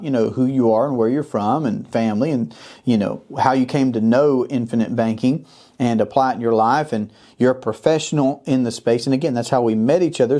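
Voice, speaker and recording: A man's voice: medium pitch, mellow. A man hosting an interview, talking in a chatty, rambling way with frequent restarts. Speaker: host.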